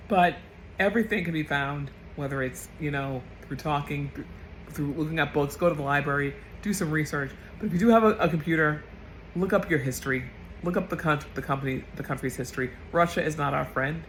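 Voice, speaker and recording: A woman's voice: low-pitched, brisk, slight background noise, rough recording. A woman getting over a cold delivers an impassioned political rant as a vlogger, blunt, profane and emotional.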